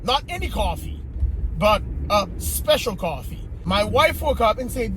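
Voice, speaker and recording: A man's voice: high voice, sing-song, moderate pace, background noise. Exasperated stammering man ranting in a car. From Haiti. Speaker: comedy creator. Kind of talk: comedic monologue skit.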